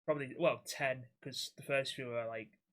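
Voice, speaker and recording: A man's voice: medium pitch, fairly even intonation, normal speed, fairly bright tone. Young guy on a podcast, swears a lot, tells blunt stories, voice sits in the middle. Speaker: podcast co-host and axe-throwing instructor. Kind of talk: casual chat.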